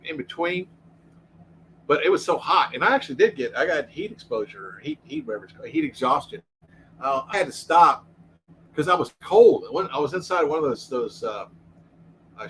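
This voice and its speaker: A fast-talking man with a fairly high voice co-hosts a casual livestream and tells rambling stories from his police days, tripping over his words as he goes. A faint hum runs under his voice. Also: sing-song, a bit bright, rough recording. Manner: rambling storytelling with repeated restarts. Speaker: co-host, former police officer.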